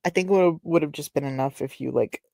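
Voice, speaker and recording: A woman's voice: deep voice, brisk, creaky, dark tone, dry recording. Rambling, apologetic woman from Texas. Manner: rambling, self-interrupting, apologetic, wry. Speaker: host reading a novel aloud. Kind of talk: casual read-along with commentary. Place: at home by a desk. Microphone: desk webcam.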